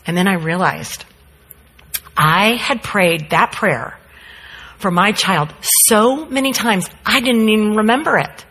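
A woman's voice: mid-range voice, slow pace, husky. A woman, a mother, telling a story in a sermon and acting out quotes. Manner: animated storyteller, acts out quotes. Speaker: speaker, mother. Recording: long hall reverb.

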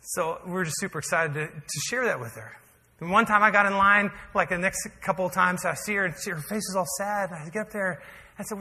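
A man's voice: high voice, brisk, pushed and bright. A man preaching a sermon as pastor, telling a story in a conversational, humorous way that builds to emphatic peaks. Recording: hall reverb.

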